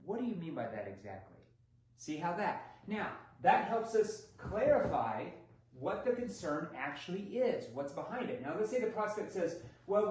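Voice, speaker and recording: Animated male sales trainer, very echoey. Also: a little high, a little hiss or hum. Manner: demonstrative, acts out prospect and seller lines with shifting tone. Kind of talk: recorded sales training lesson. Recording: very echoey room.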